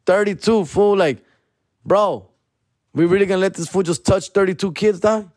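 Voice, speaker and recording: A man's voice: high-pitched, moderate pace, darkish tone, no echo, clean studio sound. A man, a comedian host riffing in a profane, slangy monologue and ending lines with "fool" and "dog". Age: 40s.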